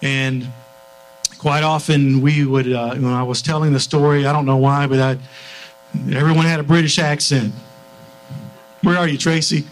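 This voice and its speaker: Over poor audio, a middle-aged man preaches in a church with a slightly high, steady voice at a moderate pace, pausing often. He tells family stories earnestly and keeps restarting his sentences.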